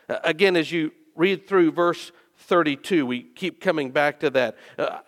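A male pastor preaching a sermon and telling stories, dropping soft and then rising into loud, emphatic bursts. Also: a little high, a little slow, few pauses. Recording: long reverb of a large hall.

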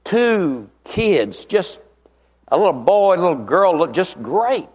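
In a large hall with long reverb, a middle-aged evangelist preaches revival in a folksy, emphatic style, drawing out key words. The voice sits high with big pitch swings, a darkish tone, and a slightly rough edge.

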